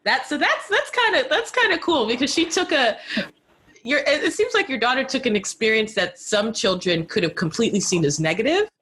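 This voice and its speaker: A woman's voice: a little high, very animated, brisk, a bit bright. A woman hosting an interview podcast, thinking aloud with frequent restarts and casual asides. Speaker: podcast host.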